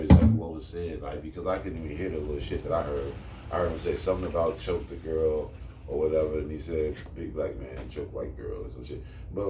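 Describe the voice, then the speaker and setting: Man, podcast co-host, deep and easygoing, loose slang, roomy distant recording. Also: mellow. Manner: laid-back, joking, profane slang. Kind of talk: casual chat. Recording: echoey room, distant mic, faint hiss.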